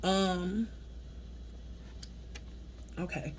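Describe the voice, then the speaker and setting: A woman with a lowish voice speaks extremely slowly over slight background noise. She is a spiritual medium sharing channeled messages, informal and laughing often, swearing casually as she talks through her notes.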